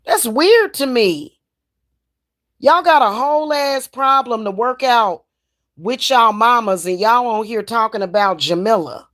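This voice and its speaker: A woman's voice: fairly high pitch, animated, unhurried, fairly bright tone. A middle-aged woman, ranting in a casual vlog, blunt, heated and profane. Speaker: spiritual reader and vlogger.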